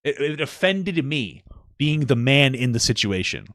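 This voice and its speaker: A man's voice: mid-range voice, very animated, a little slow, fairly bright tone, dry recording, clean studio sound. A man in his thirties with a New York accent, co-hosting a casual podcast chat, profane and self-deprecating. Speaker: podcast co-host.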